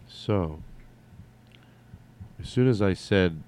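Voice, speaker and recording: A man hosting a casual solo podcast, telling rambling, animated stories with some swearing. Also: low voice, a little slow, pauses often, slight background noise. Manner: rambling, animated storytelling with profanity. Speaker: podcast host.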